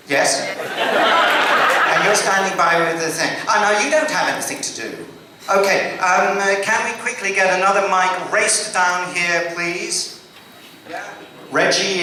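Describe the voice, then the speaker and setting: A man's voice: high-pitched, pushed and bright. Man teasing a crowd in an echoey hall. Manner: theatrical, teasing, chatty. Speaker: guest actor at convention panel. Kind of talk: playful stage Q&A with audience. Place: large convention hall stage. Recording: echoey hall from far off, noisy.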